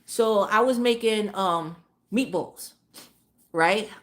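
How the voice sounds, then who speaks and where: Woman streamer, casual ranting storytime, salty and emphatic, mid-pitched voice. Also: takes it slowly, fairly bright tone. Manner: profane, emphatic, repeats phrases for emphasis. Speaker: live streamer.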